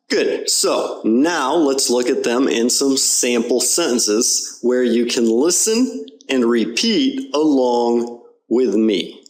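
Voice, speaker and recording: Slow, deliberate male English teacher. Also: mid-range voice, lively intonation. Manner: slow, carefully modeled words and repeat-after-me drills. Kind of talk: pronunciation lesson.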